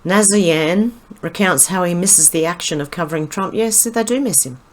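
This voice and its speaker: A woman's voice: fairly low pitch, moderate pace. A woman with an Australian accent, commenting on news posts in a casual, scornful way, with frequent ums and restarts. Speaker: commentary vlogger.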